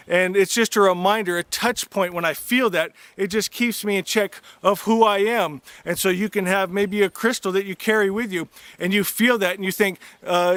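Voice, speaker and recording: A man giving a gentle, heartfelt spiritual talk to his viewers, unhurried and warm in his words. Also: high voice, dry recording. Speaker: spiritual teacher. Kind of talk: devotional talk to camera.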